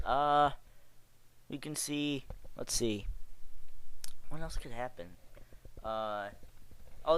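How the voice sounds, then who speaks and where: A man's voice: mid-range voice, a bit bright, slight background noise, rough recording. A young man from Chicago giving a rambling, exasperated and sarcastic casual rant about wrestling, full of fillers and restarts. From Chicago area. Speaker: wrestling vlogger.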